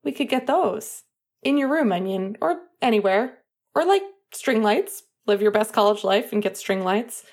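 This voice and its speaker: A woman reading aloud who voices a chatty, eager young male college athlete, talking in quick, slightly flustered rambles. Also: fairly high pitch, expressive, darkish tone, voice pushed up. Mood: rambling. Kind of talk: audiobook character voice.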